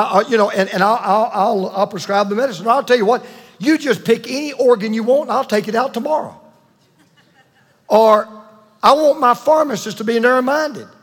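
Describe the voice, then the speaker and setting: A man's voice: sits high, a bit bright, breathy edge. A middle-aged man preaching a folksy sermon as a pastor, repeating lines for emphasis. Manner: folksy, repeats for emphasis, acts out quoted voices. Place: church sanctuary. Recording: echoey church hall.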